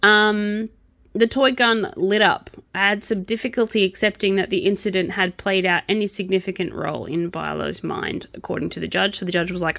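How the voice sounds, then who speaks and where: A woman's voice: medium pitch, fairly even intonation, normal speed, gravelly, a bit bright, no room sound. Sarcastic chatty woman vlogger. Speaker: crochet and true crime vlogger. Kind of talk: casual chat while crocheting.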